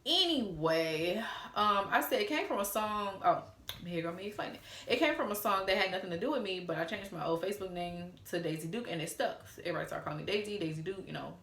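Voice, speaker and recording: A young woman from Atlanta, telling a story casually and reading out text messages in an animated way. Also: mid-range voice, quick pace, echoey room. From Atlanta, USA. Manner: animated, reads out texts in a playful drawl. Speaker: storytime vlogger.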